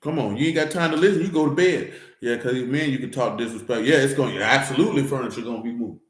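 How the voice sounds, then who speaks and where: A man's voice: medium pitch, fast talker, reverberant. A man, preaching informally and emphatically, talking straight to the congregation. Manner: emphatic, conversational, addresses congregation directly. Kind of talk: informal church teaching. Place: church.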